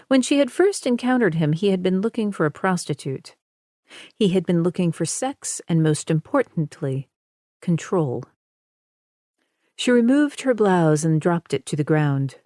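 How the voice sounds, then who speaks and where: A woman narrates an audiobook with a low, slow and measured voice. Her tone is dark and mellow, and the dry studio sound has no room echo. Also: lively intonation. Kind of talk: scripted narration.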